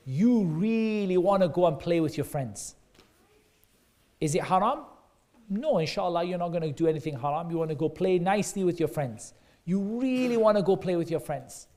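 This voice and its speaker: A man leads a children's class with a mellow, slightly high voice. He keeps asking the kids questions and echoes their answers back with warm praise. His talk is loose and encouraging, full of everyday examples. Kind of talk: interactive lesson for kids.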